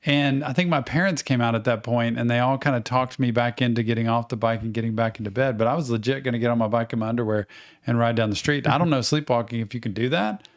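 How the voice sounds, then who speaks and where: A middle-aged man, co-hosting a podcast and telling stories in a casual, animated way. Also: mid-range voice, quick pace. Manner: animated storyteller, acts out quoted voices. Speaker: podcast co-host. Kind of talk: casual storytelling.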